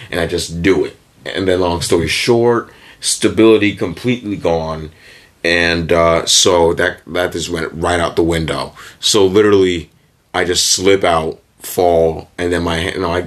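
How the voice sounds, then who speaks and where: Young man, podcast co-host, low voice, clowning, loud, animated, swears freely, casual banter. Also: normal speed.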